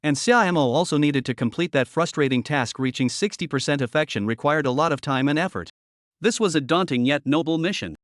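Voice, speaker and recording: A man reading a scripted story recap in an even, steady way. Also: a little high, fairly quick, no room sound, clean studio sound. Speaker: narrator.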